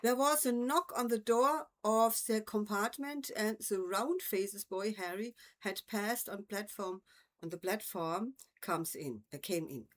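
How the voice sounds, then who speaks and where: A woman, an English speaker, reading a novel aloud and correcting her own slips as she goes. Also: mid-range voice. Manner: unhurried, self-correcting. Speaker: storyteller.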